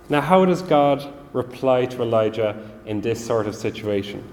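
A man preaching a sermon, earnest and measured, often repeating words as he gathers his thoughts. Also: medium pitch, expressive, darkish tone. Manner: earnest, measured, repeats himself while thinking. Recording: long reverb of a large hall.

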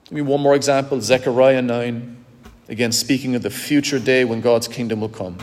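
A man preaching a sermon with emphatic, dramatic swings between loud and soft. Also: medium pitch, fairly even intonation, brisk. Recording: long hall reverb.

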